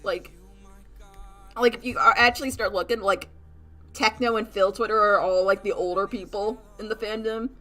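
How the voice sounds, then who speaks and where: A young woman chats casually on a livestream while drawing, telling giggly, animated stories full of laughter and mock voices. Her voice is mid-range and moderately paced. The low-quality recording has faint music in the background.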